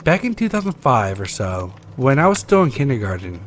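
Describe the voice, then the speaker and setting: Man reading scary stories, lively pitch. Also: fairly quick, a little hiss or hum. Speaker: story reader.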